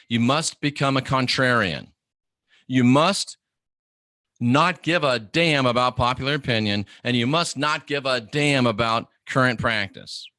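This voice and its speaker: Middle-aged male host, lively preachy delivery, crisp bright tone, dry room. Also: medium pitch, no room sound. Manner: animated, preachy, contrarian rants with mimicked quotes. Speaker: host of an online channel. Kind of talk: livestream monologue.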